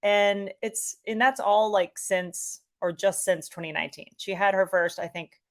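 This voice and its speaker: In a casual interview, a middle-aged woman who works as a soccer commentator chats as the guest with lots of enthusiasm, animation, and fillers. She has a mid-range voice and an unhurried pace.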